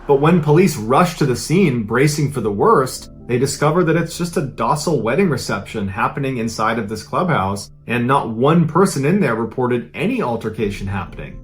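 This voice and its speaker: A man's voice: medium pitch, lively intonation, normal speed, hardly any pauses, faint music behind. Casual male true-crime storyteller. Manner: conversational, casual retelling. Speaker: podcast host.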